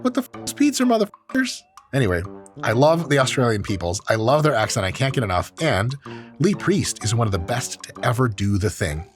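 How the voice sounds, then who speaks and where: A man's voice: lowish voice, expressive, brisk, faint music behind. A man who is an exercise science professor, hosting and giving joking, profane commentary on training clips. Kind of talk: casual commentary on training videos.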